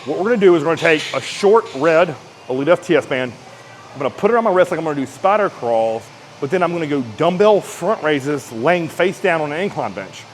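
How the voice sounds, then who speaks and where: Energetic man coaching a workout. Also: on the high side, a little fast, slight background noise, low-quality recording. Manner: energetic, talks while lifting and straining. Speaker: fitness coach. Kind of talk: casual exercise demonstration.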